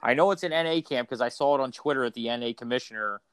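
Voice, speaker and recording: A man's voice: mid-range voice, racing, clear, resonant tone, no echo. A man co-hosting a casual podcast chat, rambling and swearing, with many restarts. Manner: rambling, profane, frequent restarts. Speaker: podcast co-host.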